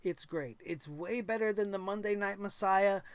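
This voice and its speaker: A man hosts a wrestling reaction show and talks in an animated way, sometimes acting out the wrestlers' lines. His voice sits high for a man. The sound is dry and close, with no room echo. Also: moderate pace, clear, resonant tone. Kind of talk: excited wrestling commentary.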